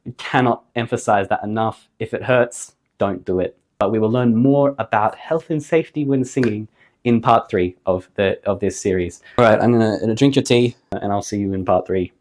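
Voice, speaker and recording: A man's voice: lowish voice, moderate pace, a little mellow. A man teaching a casual singing lesson in a playful way, joking at his own expense as he explains technique. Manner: demonstrates singing tones between explanations. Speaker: vocal teacher.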